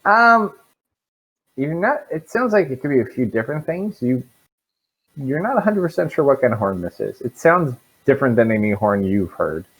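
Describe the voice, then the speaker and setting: A man running a tabletop game as dungeon master, relaxed and hesitant with fillers, over a voice call. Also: mid-range voice, normal speed, husky, low-quality recording.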